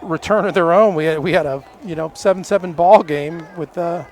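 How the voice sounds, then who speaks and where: Man, color commentator, rambling, halting, higher voice, faint outdoor noise. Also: darkish tone. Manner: rambling, halting, lots of fillers and restarts. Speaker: color commentator and camera operator. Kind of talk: local sports commentary. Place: outdoor camera platform in the rain.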